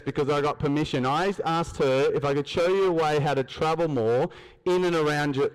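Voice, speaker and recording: An Australian man giving a motivational stage talk at a business event, telling stories, acting out dialogue and asking the crowd questions. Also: a little high. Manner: storytelling, acts out dialogue, asks the crowd questions. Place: large event hall, on stage. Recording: long hall reverb.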